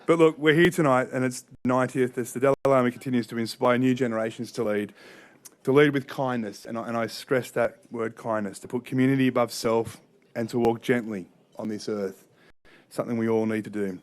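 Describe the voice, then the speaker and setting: A middle-aged man with an Australian accent delivers a formal ceremonial speech. His tone is loose and joking, and he often restarts his sentences. He speaks at a middle pitch. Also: steady tone, fairly quick. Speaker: politician.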